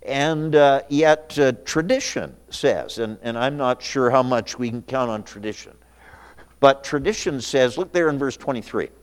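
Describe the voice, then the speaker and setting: Folksy preacher in a reverberant church. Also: male voice, medium pitch, unhurried, clear, resonant tone. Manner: folksy storytelling preacher who reads scripture aloud. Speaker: pastor. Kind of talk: sermon. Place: church sanctuary.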